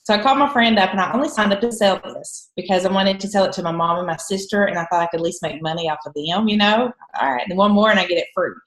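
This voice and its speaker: A woman's voice: mid-range voice, quick pace, few pauses, a bit bright, echoey room, low-quality recording. A woman with a heavy eastern Kentucky Appalachian accent telling her story candidly on a conference call, laughing often. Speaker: guest trainer. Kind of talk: conference call training talk.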